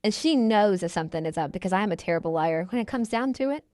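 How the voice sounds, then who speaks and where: A woman's voice: mid-range voice, lively intonation, fast talker, a little mellow, no room sound. Young woman, podcast guest, casual storytelling, dry close sound. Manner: chatty, quotes people in their own voices.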